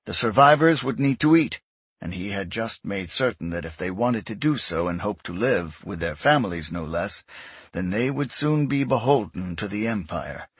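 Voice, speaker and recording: A man giving scripted narration of a sci-fi story in a measured, even way. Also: fairly low pitch, slightly rough, no echo. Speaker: audiobook narrator.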